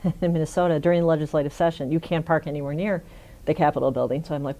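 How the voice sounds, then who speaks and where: A woman's voice: deep voice, steady tone, rapid-fire, warm tone. A middle-aged woman in an oral history interview, telling a funny story with frequent laughs. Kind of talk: conversational storytelling.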